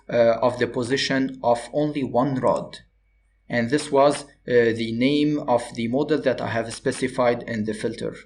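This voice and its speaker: Hesitant man explaining software. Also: mid-range voice. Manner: hesitant, many fillers, explains step by step. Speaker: robotics instructor. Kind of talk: screen-recorded software tutorial.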